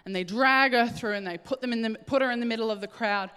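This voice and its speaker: A woman preaching a sermon, telling a Bible story in an animated way and acting out the voices. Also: a little high, quick pace, clean tone. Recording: hall reverb.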